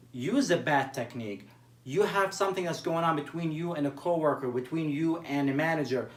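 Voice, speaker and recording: A man coaching on workplace trust in a demonstrative training talk, acting out tones of voice and gestures as he explains. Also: on the high side. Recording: roomy sound, mic at a distance.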